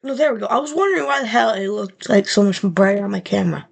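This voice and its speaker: Young woman, vlogger, gravelly, mid-pitched, rambling, profane, storytelling to camera. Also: animated, quick pace. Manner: rambling, profane, lots of fillers.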